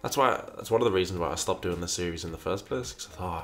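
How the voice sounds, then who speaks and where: Lowish-voiced man musing over viewer questions. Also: fast, soft background music. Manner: reads questions aloud, muses, repeats himself. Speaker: host answering viewer questions. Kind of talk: casual chat.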